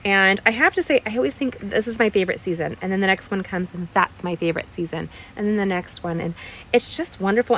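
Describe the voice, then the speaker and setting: A woman's voice: medium pitch, fast talker, a bit bright, a little hiss or hum. Chatty, upbeat woman crafter. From Midwest US. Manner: upbeat, chatty, addresses viewers as friends. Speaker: card-making host. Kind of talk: live craft tutorial chat. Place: home craft room.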